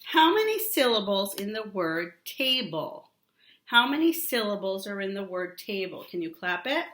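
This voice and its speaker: A woman teaching a young child a remote lesson, drawing out words and repeating them with steady encouragement. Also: medium pitch, echoey room. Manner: slow, drawn-out, encouraging teacher talk with repetition.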